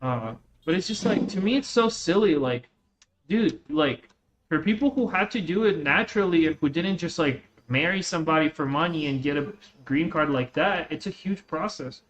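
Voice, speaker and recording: A man's voice: on the high side, moderate pace. A man in his twenties from Russia, chatting casually and rambling as a streamer, with lots of "like" and "dude". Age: 20s. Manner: relaxed, rambling, heavy use of "like" and "dude". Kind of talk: casual chat while gaming.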